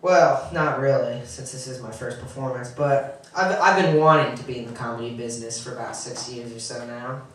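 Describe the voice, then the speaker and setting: A young man doing a halting, awkward stand-up comedy set, often restarting and chuckling. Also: mid-range voice, fairly bright tone, slight background noise. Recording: echoey room from far off.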